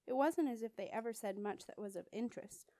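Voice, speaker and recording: Clear-voiced woman reading a novel aloud. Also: fairly high pitch, a little fast, dark tone, no room sound. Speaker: audiobook reader. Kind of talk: audiobook narration.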